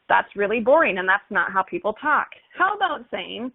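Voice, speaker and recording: Woman, higher voice, upbeat lesson, animated, playful examples, tinny phone-like sound. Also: moderate pace. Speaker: marketing instructor for golf courses. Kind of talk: webinar lesson on copywriting.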